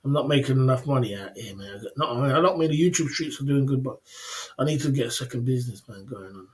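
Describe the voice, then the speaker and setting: A man's voice: mid-range voice, fast talker. A man hosting a livestream in casual chat, repeating his phrases, speaking in slang and laughing often. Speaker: livestream host.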